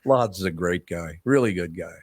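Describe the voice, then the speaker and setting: An older man hosts a casual radio show in a lowish voice, recorded close and dry with little room sound. He spins blunt stories and laughs easily at his own jokes. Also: expressive, moderate pace, dry recording. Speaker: host.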